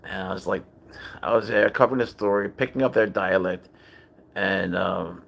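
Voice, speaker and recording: Gravelly man rambling on a livestream. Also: deep voice, fairly even intonation, moderate pace, fairly bright tone. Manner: rambling, profane, chatty with viewers. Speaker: livestream host and cat owner. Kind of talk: casual livestream storytelling.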